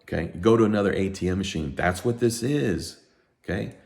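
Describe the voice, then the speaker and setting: A middle-aged accountant talking to camera in a heated, emphatic rant, sleep-deprived and worked up. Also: male voice, low-pitched, a little fast, vocal fry. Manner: emphatic, ranting, animated. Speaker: accountant and tax educator. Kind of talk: heated unscripted talk to camera.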